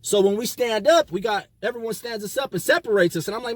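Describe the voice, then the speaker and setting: A man with a high, husky voice tells a personal story in loose street slang. He swears freely and acts out every exchange. The room is dry and close. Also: fast talker, no room sound. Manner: animated, profane street slang, acts out quotes. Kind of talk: casual storytelling.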